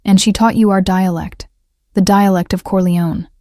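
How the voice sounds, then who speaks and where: Picture a quiet, menacing older mafia boss in a storybook reading, as a woman narrator reads his lines. He speaks slowly and softly, in a flat, mellow voice with little rise and fall. The sound is dry and close. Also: medium pitch, no room sound, close to an everyday voice. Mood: cool, probing. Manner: slow, dangerously soft questioning.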